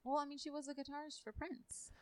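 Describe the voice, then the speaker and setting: A woman guest in casual podcast chat, candid and frank, quick to laugh, recorded in person on a close studio mic. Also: high-pitched, level tone, no room sound.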